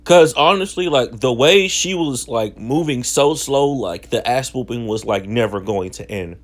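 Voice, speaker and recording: A man's voice: medium pitch, animated, unhurried. A young man casually telling a story from his childhood in slangy, self-mocking talk. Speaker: vlogger.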